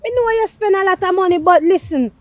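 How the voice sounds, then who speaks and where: An actress playing a man's caring partner, speaking with a Jamaican accent and coaxing him to calm down. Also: very high voice, fast talker, dry recording. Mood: soothing. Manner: soothing, coaxing, repeats "calm down". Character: caring partner of a farmer, adult woman. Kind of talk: low-budget film acting.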